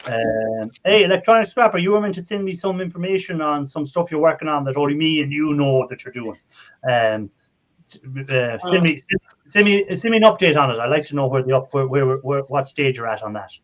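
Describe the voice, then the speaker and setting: Irish male host, rambling and easygoing, slightly high, dull lo-fi sound. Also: fairly quick. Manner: rambling, friendly, laughs often. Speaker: livestream host. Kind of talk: casual live chat. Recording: dull lo-fi stream audio.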